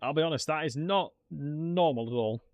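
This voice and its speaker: A man giving casual, excitable commentary while streaming a strategy game and talking to his chat. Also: fairly high pitch, normal speed, dry recording. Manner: chatty, excitable, talks to chat.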